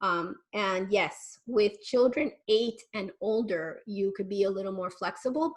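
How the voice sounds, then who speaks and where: A parenting educator from Miami runs a live Q&A, answering viewers' advice questions conversationally and occasionally acting out the voices of parents and kids. Her voice is medium in pitch.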